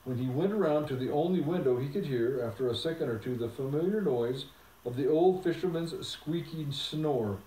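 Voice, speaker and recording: Mellow man reading a storybook aloud. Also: on the high side, moderate pace. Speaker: narrator. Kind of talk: audiobook reading of a novel. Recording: roomy sound from a distant mic.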